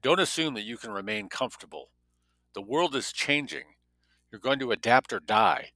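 A man's voice: medium pitch, animated, moderate pace, gravelly, bright, forceful tone, no echo, voice pushed up. A man voicing a stern middle-aged female lab director who barks orders like a drill sergeant, in a story he reads aloud. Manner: commanding, speaks like a drill sergeant.

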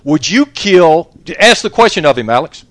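A man's voice: on the high side, sing-song, moderate pace, fairly bright tone, dry recording. A man hosting a confrontational talk show, blunt, pushy and swearing freely. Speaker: host.

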